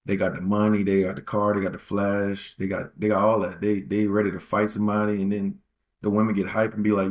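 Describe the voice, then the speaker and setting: A man's voice: fairly low pitch, little pitch movement, brisk. A man hosting a podcast, giving casual relationship advice in a rambling, slangy way and repeating phrases for emphasis. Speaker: podcast host.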